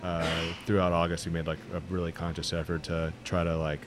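A young man with a very deep voice chats casually about his work as a brewer. He rambles, pads his sentences with fillers and throws in the odd deadpan joke. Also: fairly quick, noisy background. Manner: relaxed, rambling with many fillers and jokes. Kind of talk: casual chat.

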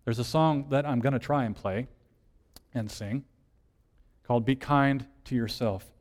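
Speaking unhurriedly at a medium pitch, a male lead minister gives a conversational sermon with a long reverb tail behind his voice. Rhetorical questions fill his talk as he shifts from hushed softness to emphasis.

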